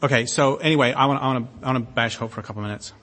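A man giving an impassioned public talk, blunt and sardonic, with emphatic stresses and long pauses. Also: mid-range voice, fairly bright tone. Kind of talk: impassioned lecture to an audience. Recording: long reverb of a hall.

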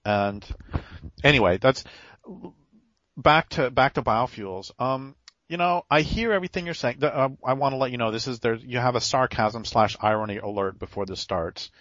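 A man's voice: medium pitch, moderate pace, a bit bright, no room sound. Rambling man on a dull dry recording. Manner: rambling, hesitant, sarcastic at times. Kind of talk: casual conversation.

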